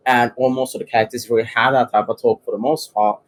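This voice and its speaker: A man in casual conversation, reasoning out loud in long sentences full of "you know." His voice sits at an ordinary middle pitch. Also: flat delivery, fast. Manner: thoughtful, rambling with "you know". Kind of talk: casual chat.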